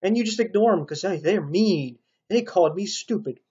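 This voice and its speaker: A man's voice: high voice, animated, moderate pace, dark tone, husky, dull audio. A man preaching a rambling, stern sermon monologue, pressing his points with repeated rhetorical asides. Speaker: online preacher.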